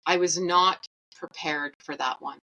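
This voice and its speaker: A woman's voice: sits low, fairly even intonation, a little slow, gravelly, sharp tone, slight background noise, poor audio. Chatty woman telling her story. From Canada. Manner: chatty, rambling, candid. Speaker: podcast host. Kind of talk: personal storytelling.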